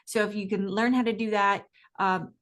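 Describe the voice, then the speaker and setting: A woman's voice: mid-range voice, fairly even intonation, normal speed, a bit bright. A woman guest coach speaking energetically in an interview, emphatic and often laughing. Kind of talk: enthusiastic interview talk.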